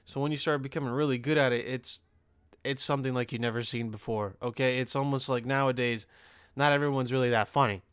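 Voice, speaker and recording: A man's voice: mid-range voice, fairly even intonation, fast, a bit bright, clear, resonant tone, no room sound, studio quality. A man hosting his own podcast, rambling casually in a profane, loose monologue full of fillers and restarts. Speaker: podcast host.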